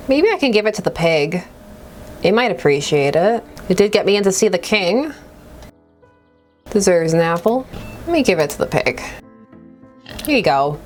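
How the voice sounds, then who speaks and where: Woman, gaming host, casual commentary, lively pitch, faint background music. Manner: chatty, reads game text aloud wryly. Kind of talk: casual let's play commentary.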